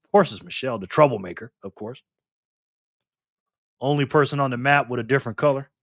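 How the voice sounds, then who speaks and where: A middle-aged man hosting a casual live stream, lively and teasing, laughing often as he reacts to chat. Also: medium pitch, fairly quick, dry recording, studio quality.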